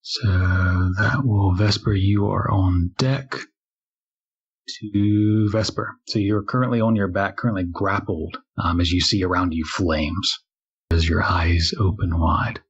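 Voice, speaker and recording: A man narrating and refereeing as game master of a tabletop game, measured and full of fillers. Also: low voice, fairly even intonation, breathy edge. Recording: dull lo-fi recording.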